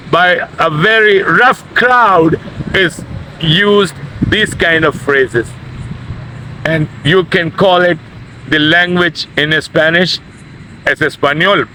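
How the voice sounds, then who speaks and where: A middle-aged man giving a casual video lesson, explaining slowly and repeating words. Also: on the high side, sharp tone, slight background noise, rough recording. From Pakistan. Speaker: language teacher.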